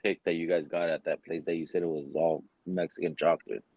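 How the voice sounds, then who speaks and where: Man, raspy gravelly voice, low pitch, crude teasing, laid-back. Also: flat delivery, quick pace, no echo, phone-quality sound. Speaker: co-host on a whiskey stream. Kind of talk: casual chat on a live stream.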